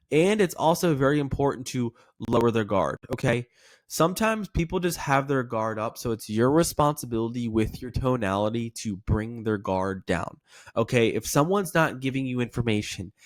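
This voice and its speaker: A man teaching insurance sales in an energetic coaching style, checking in with "okay" as he goes. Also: medium pitch, dry recording, clean studio sound. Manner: energetic, repeating "okay" often. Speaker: sales trainer. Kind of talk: coaching lesson to camera.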